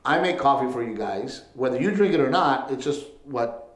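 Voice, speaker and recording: A man's voice: mid-range voice, expressive, moderate pace. Laughing man telling stories, roomy sound. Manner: laughing, swearing storyteller, quotes his wife. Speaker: podcast co-host. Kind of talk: casual chat. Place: home studio.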